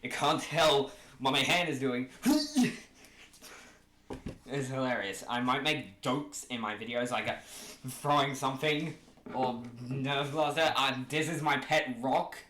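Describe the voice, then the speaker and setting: A man from Oceania rambles to his camera at home with a bright, forceful edge to his voice, cracking jokes and restarting sentences as he goes. His voice bounces around a roomy space over a faint hiss. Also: mid-range voice, animated, unhurried. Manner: rambling, jokey, self-correcting. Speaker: vlogger pitching a fan creature idea. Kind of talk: casual rambling chat to camera. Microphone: camera mic. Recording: echoey room with faint hiss.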